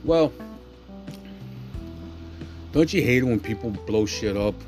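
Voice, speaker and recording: A man hosting a podcast vents in an aggressive, swearing rant. He keeps filling his talk with "you know what I mean." His voice sits fairly low, with a little music faintly under it. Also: expressive, slow pace, darkish tone. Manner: filler-heavy, keeps asking "you know what I'm saying". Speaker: podcast host. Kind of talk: profane ranting monologue.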